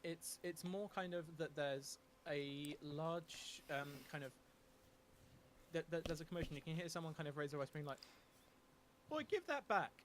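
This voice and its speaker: A man's voice: on the high side, steady tone, moderate pace, slight background noise. A man narrating a tabletop game as game master, talking with many ums and restarts.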